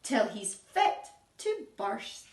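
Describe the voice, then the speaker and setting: A woman reading a picture book aloud to young children, with a lively sing-song delivery, gasps and questions to her listeners. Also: fairly high pitch, very slow. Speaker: children's story reader. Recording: echoey room, voice from a distance.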